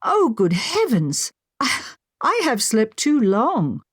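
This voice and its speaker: Earnest young duchess, tender, expressive, dry close sound, read by a woman. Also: fairly high pitch, slow, dry recording, pitched above the performer's own voice, full character voice. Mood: heartfelt. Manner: expressive, heartfelt.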